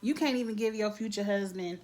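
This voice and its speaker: Blunt, animated woman recapping a TV episode. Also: medium pitch, brisk. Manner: animated, blunt, acts out characters' lines; frequent "like", casual slang. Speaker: TV recap vlogger.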